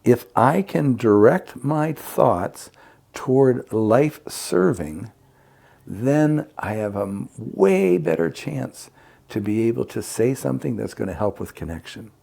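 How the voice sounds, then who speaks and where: On a casual podcast, a conflict mediator reflects on how he works, illustrating with acted-out examples. His mid-range voice is gravelly, husky and a little mellow, and he speaks slowly but with animation.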